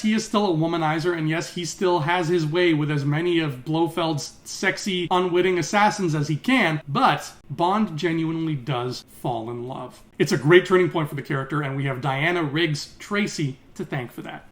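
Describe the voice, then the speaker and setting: A man talking through a film retrospective at home in a chatty, enthusiastic way. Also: a little high. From Canada. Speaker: film reviewer. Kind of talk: casual film retrospective commentary. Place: apartment room at home. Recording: echoey room.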